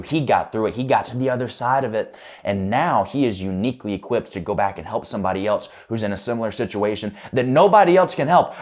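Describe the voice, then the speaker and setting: A man giving a motivational speech as a coach, building to loud, impassioned peaks. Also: medium pitch.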